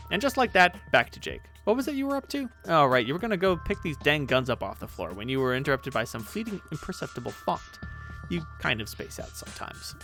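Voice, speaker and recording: A man reading a webcomic aloud with playful, animated delivery. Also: medium pitch. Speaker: webcomic reader.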